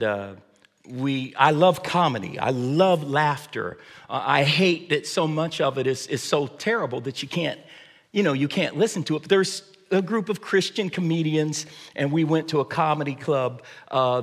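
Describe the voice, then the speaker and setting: A man preaching a sermon as pastor, with a high voice, often restarting his phrases. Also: moderate pace. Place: church sanctuary. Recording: long church reverb.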